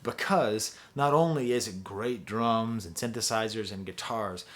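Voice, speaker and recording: A man's voice: fairly low pitch, measured pace, a bit bright. A man giving a rambling, enthusiastic spoken album review with lots of fillers. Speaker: music reviewer.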